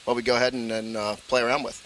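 A man's voice: mid-range voice, flat delivery, racing, a bit bright, a little hiss or hum, poor audio. A man who works as a brewmaster, answering interview questions at a brewery in a matter-of-fact, explanatory way.

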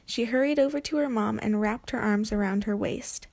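A woman narrating a children's chapter book aloud in a gentle, clear storytelling manner. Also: a little high, normal speed, few pauses.

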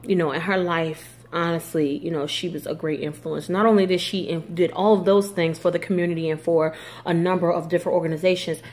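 A young woman from New Jersey vlogging in a fast, chatty way, with many fillers and restarts. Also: fairly low pitch. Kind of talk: casual talk to camera.

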